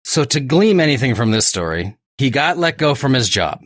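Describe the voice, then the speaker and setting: A man's voice: mid-range voice, big pitch swings, moderate pace, fairly bright tone, dry recording, clean studio sound. A man co-hosting a casual podcast, ranting with lots of swearing. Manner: profane, ranting, exasperated. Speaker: podcast co-host. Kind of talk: casual chat.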